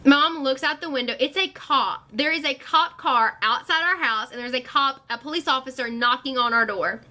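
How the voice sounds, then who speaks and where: A young woman telling a storytime vlog, animated and full of fillers, acting out what others said. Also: sits high, normal speed. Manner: animated, filler-heavy retelling, acting out quotes. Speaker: vlogger.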